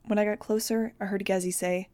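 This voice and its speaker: Young woman reading a novel out loud, steady and plain, middle pitch, dry close sound. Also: a little fast, no echo. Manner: steady, plain first-person storytelling. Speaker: audiobook reader. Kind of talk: amateur audiobook narration.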